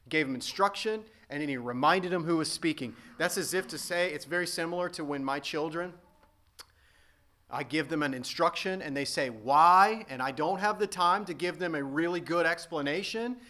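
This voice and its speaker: Male pastor, earnest emphatic sermon delivery, bright tone. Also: on the high side, moderate pace. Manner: earnest, emphatic preaching with frequent restatements.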